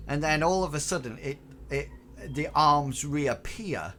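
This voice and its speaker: A man's voice: a little high, unhurried, pushed and bright. A man narrating as game master, hesitant and full of fillers and restarts. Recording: noisy recording.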